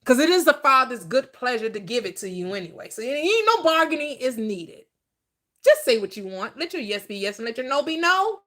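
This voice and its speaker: A woman's voice: sits high, sing-song, brisk, fairly bright tone. A woman teaching about manifestation in a preacher's style, emphatic and repetitive, asking questions and answering them herself. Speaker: spiritual teacher.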